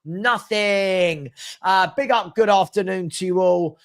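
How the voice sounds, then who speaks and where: A man hosting a live football stream, chatty and teasing as he reads viewer comments and gives shout-outs. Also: high voice, slow pace. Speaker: host of a live football transfer show.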